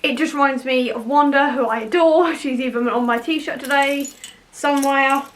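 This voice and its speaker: A young woman, gushing excitedly as a book vlogger, a little out of breath. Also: sits high, normal speed, a little hiss or hum. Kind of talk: enthusiastic casual vlog.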